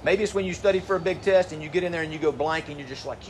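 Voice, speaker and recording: Man, middle-aged, pastor, relaxed conversational sermon, rhetorical questions, slightly high pitch. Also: racing, slight background noise. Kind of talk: sermon to graduating seniors.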